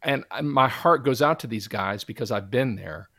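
A man's voice: mid-range voice, moderate pace, pushed and bright, no echo. Earnest male minister guest, preacherly testimony, dry close studio sound. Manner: earnest, preacherly, quotes scripture. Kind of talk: conversational interview testimony.

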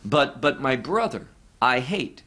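Slow, animated male Bible teacher. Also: medium pitch. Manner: deliberate, emphatic, repeats key words.

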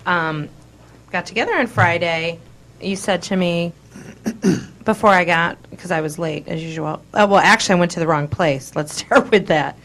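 A woman's voice: on the low side, normal speed. A woman with a Southern American accent, co-hosting a casual chat with a teasing, playful manner. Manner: teasing, playful, soft-spoken. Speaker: co-host.

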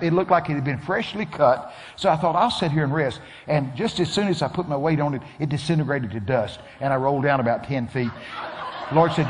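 Male preacher, somewhat high voice, lively sermon storytelling with shouted punchlines, long church-hall reverb. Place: church sanctuary.

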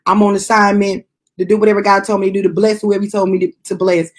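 A woman's voice: medium pitch, level tone, quick pace. A woman pastor hosting a devotional podcast, preaching informally, talking straight to her listeners, repeating phrases for emphasis and laughing often. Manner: addresses listeners directly and casually.

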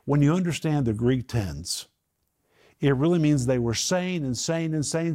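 A man preaching a sermon, animated, acting out the voices of the people in the story as he tells it. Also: fairly high pitch, measured pace.

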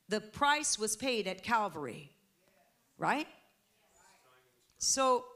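A woman's voice: medium pitch, very animated, takes it slowly, long pauses, bright, forceful tone. A woman preaching a sermon to a congregation, fervent and emphatic.

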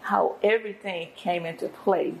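A woman's voice: lowish voice, fairly even intonation, normal speed, gravelly, slight background noise, poor audio. An older woman, a guest apostle and pastor, telling her testimony in an interview in an earnest, preacherly way.

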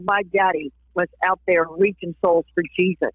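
A woman's voice: fairly low pitch, fairly even intonation, moderate pace, hardly any pauses, husky, no echo. Woman telling her story over a tinny phone line. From Florida, USA. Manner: warm storytelling that laughs often and acts out quoted voices. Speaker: interview guest, singer and evangelist. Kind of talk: personal testimony in a casual interview.

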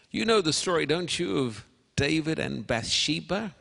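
A man preaching a sermon in a deliberate, dramatic manner, with pauses between phrases. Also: on the high side, very animated, vocal fry, a bit bright. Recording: long hall reverb.

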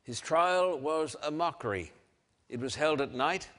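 A man delivering an emphatic sermon in a bright, somewhat high voice, rising to loud declarations and dropping to near-hushed softness. His words carry a long reverb from a large hall. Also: expressive, a little slow. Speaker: preacher. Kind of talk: dramatic sermon with scripture reading.

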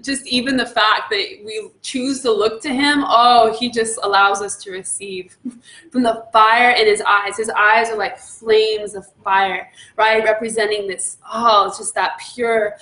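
A woman leading a devotional meditation, often exclaiming in awe and laughing softly. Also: on the high side, steady tone, unhurried, echoey room. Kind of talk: devotional teaching.

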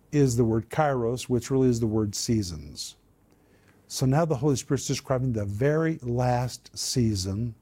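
A man's voice: mid-range voice, warm tone, slightly rough. An older man and co-host teaching the Bible in a conversational way, stressing key words by repeating them.

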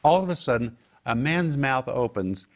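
A male preacher delivers a sermon in a lively, emphatic style, firing rhetorical questions at the congregation and answering them himself. His voice sits at a middle pitch, rising sharply for emphasis and dropping low for weight. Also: moderate pace.

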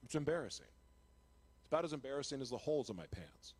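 A man giving an emotional, confessional Christian testimony on live television. He speaks earnestly, with restarts and laughs at himself, and grows loud and impassioned. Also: medium pitch, animated, quick pace, slightly rough. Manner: grows loud and impassioned when retelling his conversion. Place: television studio.

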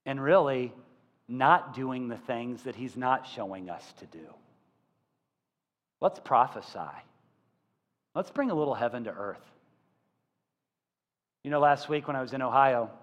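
A male pastor preaching a sermon, telling stories with lively acted-out voices. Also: medium pitch. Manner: animated storytelling, acting out quoted voices. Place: church sanctuary. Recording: church hall with long reverb.

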